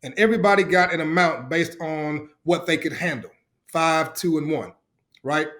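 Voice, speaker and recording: Guest spot: middle-aged man with a high, bright voice, storyteller who acts out quotes. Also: moderate pace. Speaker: podcast guest, ministry founder. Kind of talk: enthusiastic testimony.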